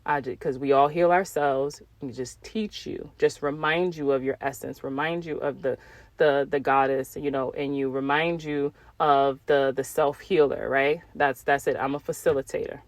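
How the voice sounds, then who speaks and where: A middle-aged woman hosting a podcast, talking candidly about spiritual growth in a casual, animated way with some mild swearing. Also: rumbling low, moderate pace, no echo. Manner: animated, rising for emphasis and dropping quiet for asides. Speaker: podcast host.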